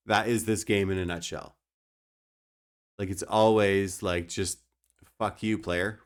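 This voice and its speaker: A young man talks through a card game for his live chat in a low, unhurried voice. He jokes with viewers as he plays. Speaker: streamer. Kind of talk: casual gameplay commentary.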